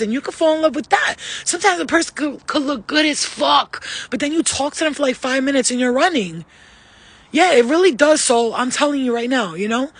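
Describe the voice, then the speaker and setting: A woman spiritual healer in a casual live stream, talking bluntly with lots of swearing and animated, acted-out quotes. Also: high voice. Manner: blunt, profane and animated, acting out quoted voices.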